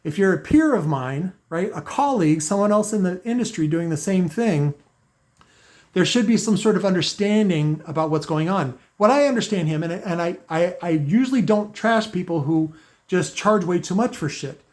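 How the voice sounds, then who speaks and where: Higher-voiced man ranting sarcastically. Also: lively intonation, normal speed, darkish tone. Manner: rambling, sarcastic, many restarts. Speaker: car audio video maker. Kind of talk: unscripted rant to camera.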